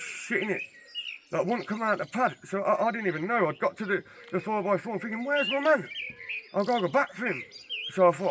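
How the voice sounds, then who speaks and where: A man telling a story in a fast, slangy, animated street manner. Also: on the high side, background noise. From England. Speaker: interview guest. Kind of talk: casual storytelling.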